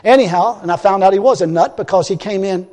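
A man preaching a sermon as pastor, folksy and blunt, dropping to quiet asides and then bursting out loud. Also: sits high, quick pace. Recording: long hall reverb.

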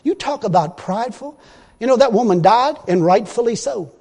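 High-voiced folksy preacher in a reverberant hall. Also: male voice, expressive, a little fast. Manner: folksy, emphatic, swings to loud exclamations. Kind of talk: sermon.

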